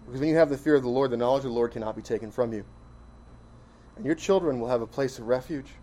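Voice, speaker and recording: Speaking fast in a mid-range voice, a man preaches with strong emphasis and many rhetorical questions. His pastor's delivery alternates between loud stresses and quiet asides.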